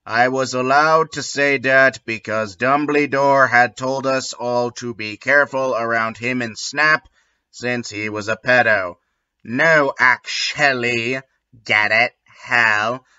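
A man giving a comedic dramatic reading and breaking off for deadpan, sardonic asides. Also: mid-range voice, slow pace, clear, resonant tone, muffled recording. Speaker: comedic reader.

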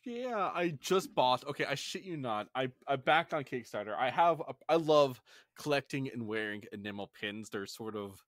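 A man's voice: mid-range voice, sing-song, moderate pace, a bit bright, no echo, studio quality. Enthusiastic man hosting a podcast. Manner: enthusiastic, swears casually, rambling. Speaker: podcast host. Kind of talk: casual podcast chat.

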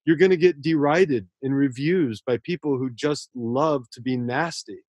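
An earnest man talking as a podcast guest at a mid-range pitch. He is effusive and warm in his praise and often restarts sentences as his thoughts run ahead. The recording is close and dry, with no room sound. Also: moderate pace, husky, dry recording. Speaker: author guest. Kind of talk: casual podcast interview.

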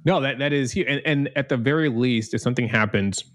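A man hosting a podcast from a studio, a physician speaking in a measured, thoughtful way with pauses. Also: mid-range voice. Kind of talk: casual chat. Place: home studio.

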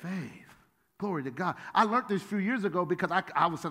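A male pastor preaching a sermon, telling stories with animated shouted exclamations. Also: sits high, quick pace. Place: church sanctuary. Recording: long church-hall reverb.

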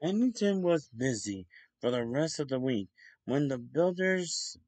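A man reading a children's story aloud in a slow, deliberate way with occasional slips. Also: medium pitch, expressive, a little mellow, no echo. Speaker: storybook reader.

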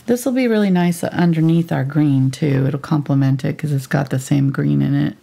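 A woman teaching a live painting tutorial step by step, thinking aloud as she works in a relaxed, chatty way. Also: low voice, moderate pace, creaky. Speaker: painting instructor.

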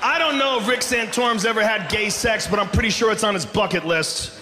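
A man's voice: high-pitched, fairly quick. A man doing a profane, ranting live stand-up set on a theater stage with a handheld mic. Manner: loud, ranting, profane delivery. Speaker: stand-up comedian. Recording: echoey live theater with crowd noise.

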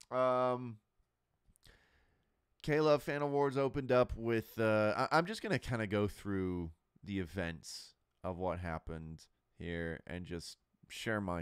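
A man's voice: low voice, smooth, dry recording, studio quality. A man hosting his own podcast, giving candid, rambling opinions in a casual monologue full of fillers and restarts. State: burping and hiccuping. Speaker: podcast host.

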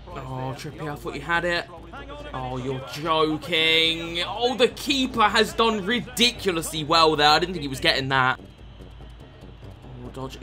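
A man commentating his football video game with excitable, sweary energy, calling viewers lads. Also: on the high side, a little slow, faint music behind. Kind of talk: gameplay commentary.

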